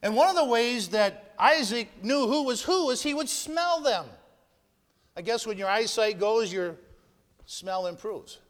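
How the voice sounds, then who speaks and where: A man preaching a sermon, retelling a Bible story with lively shifts between loud narration and hushed asides. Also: very high voice, a little slow. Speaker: pastor. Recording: long hall reverb.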